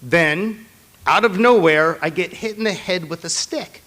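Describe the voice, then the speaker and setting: A rabbi giving a holiday sermon to his congregation, mixing personal stories and gentle humor with earnest appeals. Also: high voice, unhurried.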